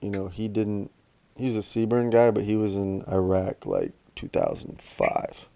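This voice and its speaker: A laid-back man chats on a casual podcast, swearing easily. His voice sits fairly low and has a mellow, relaxed tone. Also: measured pace, creaky. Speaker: podcast co-host. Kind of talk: casual chat.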